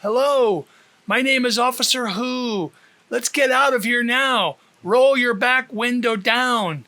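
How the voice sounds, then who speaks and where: A man's voice: very high voice, unhurried, vocal fry, pushed and bright, heavily acted. A man voicing a frightened police officer who calls people to safety during a storm, urgent and pleading.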